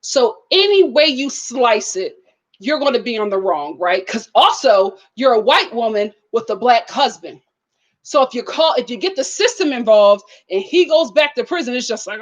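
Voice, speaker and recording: A young adult woman giving casual, animated commentary on a reality show, with mocking impressions and laughing asides. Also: fairly high pitch, moderate pace. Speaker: commentary vlogger.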